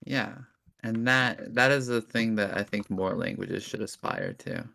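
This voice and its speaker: Gravelly, sarcastic man. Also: fairly low pitch, unhurried, bright, forceful tone. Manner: dry, teasing sarcasm. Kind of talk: casual chat.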